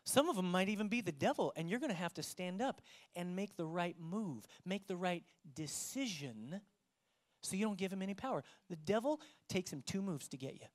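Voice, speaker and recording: A pastor preaching a sermon to a live church congregation, moving between loud emphasis and hushed tones and putting direct questions to the listeners. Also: medium pitch, animated, normal speed.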